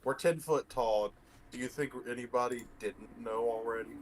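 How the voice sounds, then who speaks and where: A man's voice: medium pitch, normal speed, a little hiss or hum. A man in a tabletop game, chatting casually as a player with a dry, joking manner.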